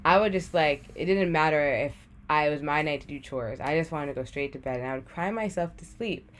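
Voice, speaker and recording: On a podcast, a young woman briskly shares a personal story in a low-pitched voice, casual and talkative, heavy on "like," acting out her own past thinking. A faint hiss or hum runs under the recording.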